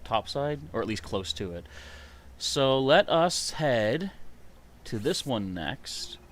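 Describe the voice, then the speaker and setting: A man giving live gameplay commentary, excitable and chatty, reading out viewer comments. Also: mid-range voice, slow pace. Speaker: streamer playing a video game.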